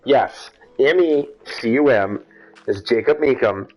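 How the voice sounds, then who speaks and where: A young man hosting a podcast, telling a long story in a casual, rambling, animated way and swearing freely. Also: mid-range voice, takes it slowly. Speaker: podcast host. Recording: dull lo-fi audio.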